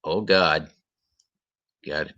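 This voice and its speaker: In a muffled recording, a livestream host with a bass voice speaks very slowly, his tone pushed and bright with fairly even intonation. He's ranting indignantly on a heated commentary stream, going over the same points and mentioning that his voice is tired.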